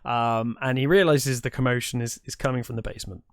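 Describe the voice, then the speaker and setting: A man's voice: medium pitch, fairly even intonation, a little fast, no room sound, studio quality. A man co-hosting a film podcast, retelling the plot in casual chat with lots of ums and restarts. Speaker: podcast co-host.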